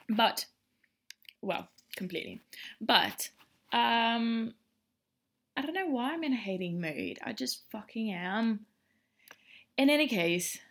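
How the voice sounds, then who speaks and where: A woman's voice: lowish voice, a bit bright. A young woman hosting a solo podcast, ranting in a blunt, profane and sarcastic way. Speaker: podcast host. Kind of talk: casual ranting monologue.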